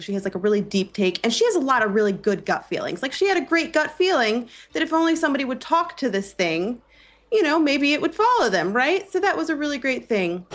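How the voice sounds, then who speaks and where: A woman playing a tabletop role-playing game, lively and playful, laughing often. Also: mid-range voice. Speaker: player. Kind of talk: tabletop role-play, animated in-character talk.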